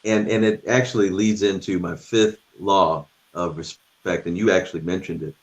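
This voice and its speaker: A man's voice: low-pitched, fairly even intonation, normal speed. A middle-aged man talking about respect as a guest on a talk show, earnest and thoughtful, with frequent restarts. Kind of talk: reflective conversation.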